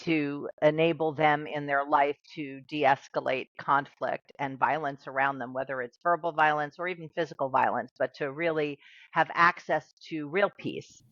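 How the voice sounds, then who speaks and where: A woman's voice: low voice, fairly even intonation, normal speed, a bit bright, dry recording. A woman hosts a podcast in a casual interview chat. She sounds enthusiastic and affirming and laughs readily. Her voice is recorded dry and slightly dull. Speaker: podcast host.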